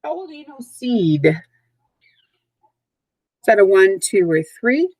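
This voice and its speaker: A patient woman teacher walks through a recorded vocabulary lesson at a middle pitch. She speaks clearly and repeats each word slowly. The sound is close and dry, with no room around it. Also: sing-song, darkish tone, no echo, poor audio. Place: at home, dogs nearby.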